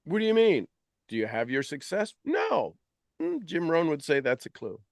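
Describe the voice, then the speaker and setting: Animated, teasing man coaching a crowd. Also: on the high side, normal speed, no echo, studio quality. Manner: animated, acts out people's complaints in quoted voices; direct and teasing with the audience. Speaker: mentor. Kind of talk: motivational coaching talk.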